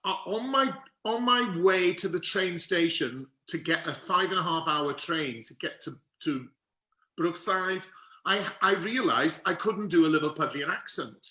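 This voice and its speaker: A middle-aged man from Wales telling a lively, theatrical story as an interview guest, with quick asides. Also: sits high. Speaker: guest actor. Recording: roomy echo.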